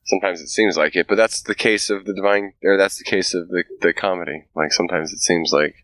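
A man's voice: low voice, steady tone, quick pace, fairly bright tone, no echo. A man hosting a podcast, talking in a profane, ranting casual chat. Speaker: podcast host.

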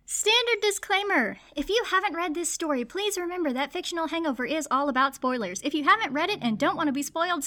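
A woman co-hosting a book podcast from home, chatting quickly and giggling often. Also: extremely high pitch. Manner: talks fast, animated and giggly. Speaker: podcast co-host. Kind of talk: casual chat.

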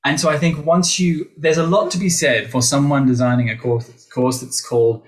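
Man, Australian accent, middle-aged, voice teacher, animated, jokes to listeners, podcast interview. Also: a little high, normal speed, low-quality recording. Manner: animated, playful asides to listeners. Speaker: guest, voice teacher.

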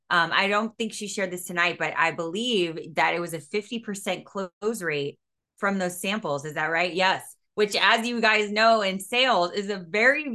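A woman's voice: on the low side, bright, forceful tone. A woman hosting a sales team video call, upbeat and encouraging. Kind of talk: upbeat host chat.

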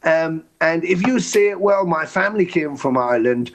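A man's voice: fairly high pitch, animated, moderate pace, slight background noise. A man, a touring musician, telling long road stories in a podcast chat, swearing casually and acting out the voices of people he quotes. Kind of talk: animated storytelling in conversation.

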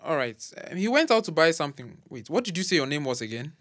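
An actor playing a proud, grieving older professor, formal and bitter. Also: male voice, on the high side, big pitch swings, fast, a bit bright. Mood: suspicious.

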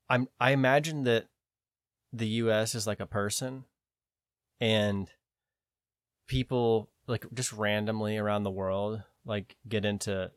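A man co-hosting a podcast in casual chat, animated and sometimes breaking into shrill mocking voices. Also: dry recording, studio quality. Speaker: podcast co-host.

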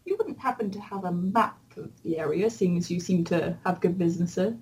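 A woman's voice: on the low side, fairly quick, darkish tone, far from the mic, poor audio. A woman playing a tabletop game, talking politely and hesitantly. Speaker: player. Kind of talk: tabletop role-play, in and out of character.

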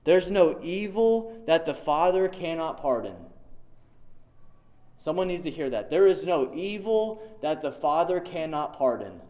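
Man, preacher, sermon, slightly high voice, emphatic, conversational, repeats key lines. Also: darkish tone. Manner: conversational, dotted with "like".

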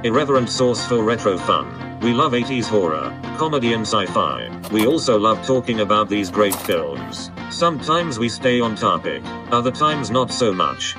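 A man's voice: fairly low pitch, big pitch swings, normal speed, few pauses. Upbeat man announcing a show intro. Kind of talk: scripted intro. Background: guitar music.

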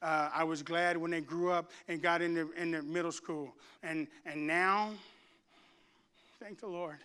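A middle-aged man preaching a sermon from the pulpit, his voice high for a man and smooth and resonant. He mixes relaxed, joking stories with bursts of loud, fervent preaching to a congregation in the sanctuary. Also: a little slow. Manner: rising to loud, fervent preaching with humorous asides. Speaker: pastor. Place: church sanctuary before a congregation.

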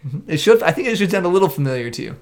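A man's voice: high voice, big pitch swings. A man co-hosting a casual sports chat show, running a quiz game and teasing his co-host. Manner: joking, teasing, drawn-out reads of names. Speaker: podcast co-host.

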